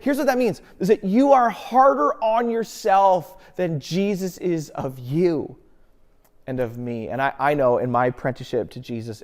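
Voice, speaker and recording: A pastor delivering a sermon in a church, his voice sitting a little higher than most men's. He preaches earnestly, keeps asking rhetorical questions, and moves from loud, pressing emphasis down to hushed, gentle lines. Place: church sanctuary.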